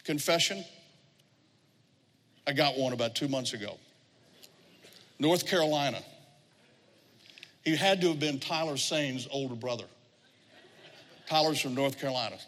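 A man's voice: medium pitch, a little slow, pauses often, a bit bright. A middle-aged man preaching a sermon as pastor, telling stories and acting out the people he quotes. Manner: storytelling, acts out quoted voices. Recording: long hall reverb.

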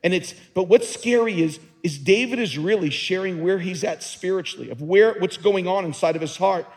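A man's voice: sits high, normal speed, a little mellow. A male pastor preaching a sermon to a congregation in an earnest, emphatic way, often repeating and restarting words. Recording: long reverb in a large hall.

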